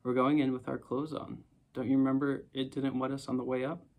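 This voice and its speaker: A man voicing a drowsy, curious young boy in an audiobook, with a relaxed, easygoing delivery. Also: medium pitch, brisk, natural voice. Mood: reassuring. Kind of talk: audiobook character reading.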